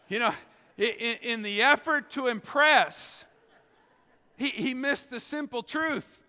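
Male preacher, high-pitched and crisp, emphatic storyteller, reverberant church. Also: pushed and bright. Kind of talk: sermon. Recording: reverberant hall.

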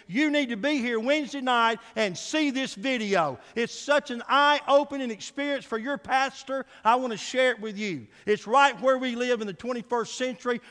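A male pastor preaching a sermon, swinging from soft, low asides to loud, emphatic calls and asking the congregation for an "Amen.". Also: long reverb tail. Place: church sanctuary.

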